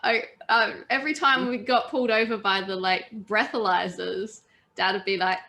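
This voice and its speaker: A chatty Australian woman talks in an easy group conversation. She tells stories and laughs along the way, at a middle pitch. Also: fairly even intonation, normal speed, gravelly, pushed and bright. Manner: chatty, laughs while telling anecdotes. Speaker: podcast host. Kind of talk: casual group chat.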